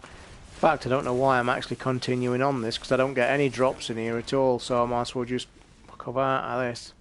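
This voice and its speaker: A man's voice: medium pitch, flat delivery, fairly quick, a little hiss or hum. A tired British man chatting casually and rambling, with occasional swearing, as he wraps up his game live stream. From Britain.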